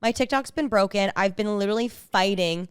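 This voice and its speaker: A young woman co-hosting a podcast, chatting casually with a teasing, deadpan edge. Her voice is smooth and clear at a middle pitch. It is recorded dry and close, with no room sound. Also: brisk, no echo. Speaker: podcast co-host. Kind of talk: casual chat.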